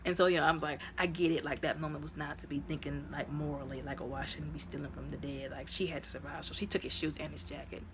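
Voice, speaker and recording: A woman's voice: sits low, steady tone, fast, hardly any pauses, background noise. A woman reviewing a movie in a casual, chatty retelling, full of fillers, who acts out the characters' lines.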